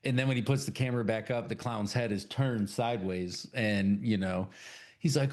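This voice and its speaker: A man's voice: fairly low pitch, normal speed, a little mellow. A man co-hosting a casual podcast, eagerly retelling film scenes, swearing often and acting out characters' lines. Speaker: podcast co-host. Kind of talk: casual chat.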